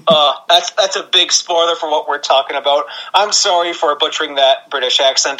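A man from Canada co-hosting a wrestling podcast in relaxed casual chat, laughing easily. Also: fairly high pitch, normal speed, rough recording. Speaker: podcast co-host.

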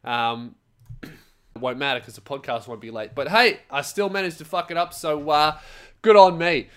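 A young man with a slightly high voice talks straight to his listeners in a loose, rambling podcast monologue. He swears constantly and jumps between anecdotes and advice with animated comic energy. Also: normal speed, clean tone. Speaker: podcast host, comedian. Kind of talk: casual solo podcast monologue.

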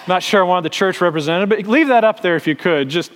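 A man's voice: high voice, fast, a bit bright, slight background noise. Middle-aged pastor guy telling stories in a sermon, does little voices for people, big hall with long echo. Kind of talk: sermon storytelling. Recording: long reverb in a large hall.

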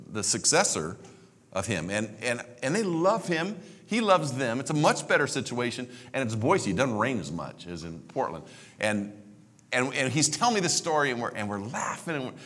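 A pastor in his sixties with a medium-pitched voice tells a heartfelt story during a sermon. When moved, he repeats himself and sinks to a hushed near-whisper.

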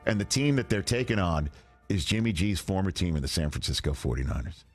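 A male sports show host pitches ideas in an upbeat, lively voice that moves up and down a lot. Faint music runs under the clip. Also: a little fast. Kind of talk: sports talk show segment.

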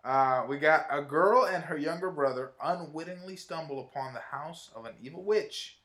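A man co-hosting a casual movie review chat, speaking in a relaxed way with lots of fillers and restarts. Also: on the high side, normal speed, roomy sound. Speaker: movie review show co-host.

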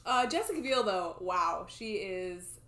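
A woman's voice: on the high side, expressive, normal speed, fairly bright tone. Woman cohost, wry and jokey, laughs a lot, just chatting. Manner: wry, laughs easily, mocks the film. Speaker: podcast co-host. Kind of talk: casual chat reviewing a movie.

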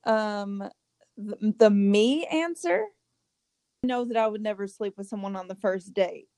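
A woman co-hosting a casual podcast chat, frank and quick to laugh, swearing freely. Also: mid-range voice, dark tone, no room sound. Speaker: podcast co-host.

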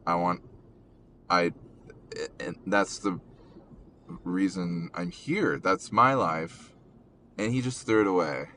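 A young man with a deep yet bright voice talks slowly about personal matters on a podcast, recorded in a car. He stumbles and restarts often, with hesitant ums. A faint hum of road noise sits under his voice. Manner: halting, many ums and restarts, emotional. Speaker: podcast host. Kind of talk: casual podcast chat.

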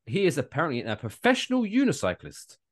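A man's voice: fairly high pitch, huge pitch swings, fast talker. A man co-hosting a casual comedy podcast, swearing freely and ranting in mock outrage. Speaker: podcast co-host.

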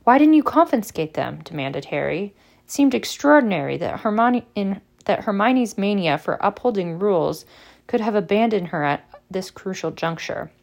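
A woman reading a novel aloud as narrator, measured and expressive. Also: mid-range voice, creaky. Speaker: audiobook reader. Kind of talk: storybook narration.

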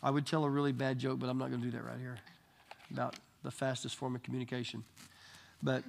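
A man leading a church Bible study, telling testimony stories in a lively way and acting out the people he quotes. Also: mid-range voice, fast, vocal fry, a little hiss or hum. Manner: animated storyteller acting out quoted voices.

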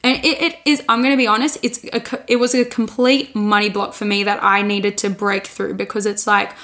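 A woman's voice: mid-range voice, level tone, fairly quick, fairly bright tone. A woman in her twenties, a podcast host and coach, talking candidly in a casual solo monologue and restarting her sentences often. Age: 20s. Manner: earnest, candid, restarts often and says "like" a lot.

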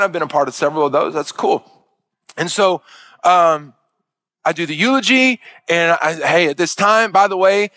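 Animated pastor telling a story. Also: male voice, a little high, no echo. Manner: animated, halting storyteller with many restarts. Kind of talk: storytelling sermon.

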